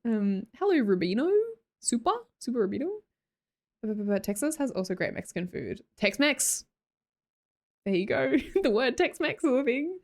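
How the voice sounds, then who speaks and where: A young Australian woman chatting casually on a livestream, bubbly and quick to laugh, answering chat as she goes. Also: a little high. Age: young adult. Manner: bubbly, laughs often, reads chat aloud.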